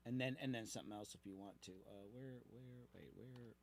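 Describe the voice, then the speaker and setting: A man's voice: medium pitch, fairly quick, vocal fry, darkish tone, slight background noise. A man, a music producer and host, talking casually in a recording studio, thinking aloud as he works and swearing offhandedly.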